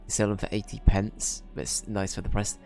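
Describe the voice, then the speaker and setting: Streamer type: man, rambling and cursing, gravelly low voice, casual play-along commentary. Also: completely flat delivery, fairly quick, a little mellow, faint music behind. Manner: rambling, swearing, talks to himself.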